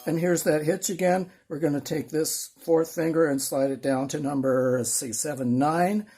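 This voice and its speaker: An older man with a husky voice talks through a beginner guitar lesson in a folksy, rambling way. He sounds self-deprecating and unhurried. Faint guitar playing sits behind his voice. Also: fairly high pitch, steady tone, warm tone. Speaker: guitar teacher.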